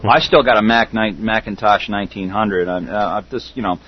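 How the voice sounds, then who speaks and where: A middle-aged man hosting a loose radio chat, his fairly low voice coming through dull, lo-fi call audio. He talks haltingly, circling back with fillers and restarts. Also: slightly rough. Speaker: host. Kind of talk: casual internet radio chat.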